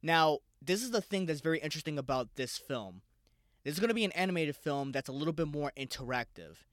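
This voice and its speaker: A man's voice: a little high, expressive, brisk, a bit bright, no echo, studio quality. A man hosting a casual solo podcast, rambling loosely and swearing freely. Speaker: podcast host.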